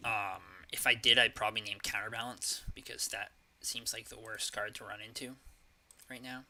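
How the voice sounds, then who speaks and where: A man's voice: fairly low pitch, level tone, normal speed, pushed and bright, slight background noise. A man casually commenting on his card game as he plays, thinking aloud with hesitations and the odd curse. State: has the hiccups.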